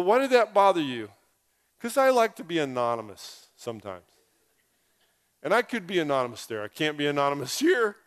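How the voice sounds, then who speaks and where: A man's voice: a little high, clear, resonant tone. A male pastor preaching a sermon through a personal story, with humorous, self-deprecating asides.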